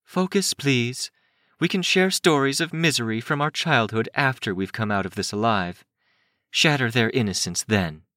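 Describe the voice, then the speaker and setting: Man doing a bossy young woman, clipped, commanding, raised pitch, audiobook. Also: moderate pace, bright, forceful tone, no room sound, studio quality, natural voice. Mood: brisk.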